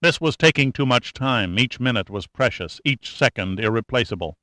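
A man narrating an audiobook thriller in a steady, tense storytelling manner. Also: mid-range voice, normal speed, no room sound. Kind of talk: scripted narration.

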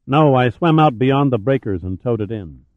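Man doing a cool cynical adventurer, low, quiet, dry and casual, phone-like audio. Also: expressive, normal speed, dry recording, natural voice.

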